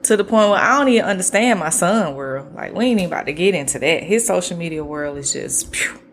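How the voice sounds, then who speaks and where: A woman hosting a podcast solo, talking in a relaxed, slangy way with a flat, monotone delivery and casual swearing. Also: lowish voice, fast talker, a little hiss or hum. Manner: self-described monotone delivery. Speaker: podcast host.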